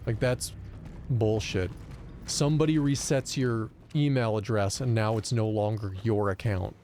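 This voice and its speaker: A man streaming a video game, telling stories in a loose, animated way and cursing often in casual commentary. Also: lowish voice, unhurried, a little hiss or hum. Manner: animated storytelling, profane rants.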